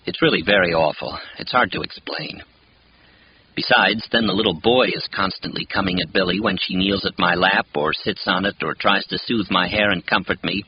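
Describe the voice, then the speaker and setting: A man narrating a novel in the first person, with a measured, expressive reading. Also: deep voice, husky. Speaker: audiobook narrator. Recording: dull, lo-fi with faint hiss.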